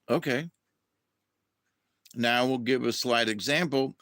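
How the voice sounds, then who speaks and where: Slow rambling man on a livestream. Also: medium pitch, big pitch swings, sharp tone, dry recording. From southern United States. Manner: drawn-out, rambling, with restarts and acted-out quotes. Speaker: livestream host. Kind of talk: rambling casual livestream chat.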